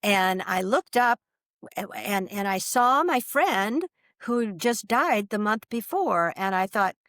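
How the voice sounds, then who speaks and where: Speaking slowly in a medium-pitched voice, this middle-aged podcast guest recounts her own story with expressive energy. She uses lots of fillers, restarts often, and laughs mid-sentence, and the studio-quality recording has no room sound.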